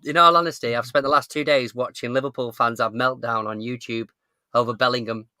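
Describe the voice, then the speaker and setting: Bright, sharp-voiced man, very dry sound. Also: mid-range voice, fairly even intonation, brisk, clean tone, no room sound. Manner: teasing, laughs and coughs between remarks. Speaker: live stream co-host. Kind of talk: casual chat.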